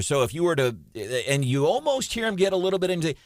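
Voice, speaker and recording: A man hosting a talk radio show, opinionated and animated. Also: high voice, fast, hardly any pauses, dry recording, studio quality. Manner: opinionated, animated, takes calls. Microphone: studio microphone.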